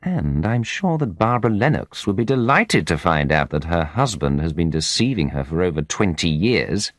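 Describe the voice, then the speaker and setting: A man's voice: deep voice, big pitch swings, normal speed, dry recording, studio quality. A man voicing a defiant former manager in an audiobook, speaking confidently with a raised, pressing voice. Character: defiant foreign ex-manager, confronting his enemies.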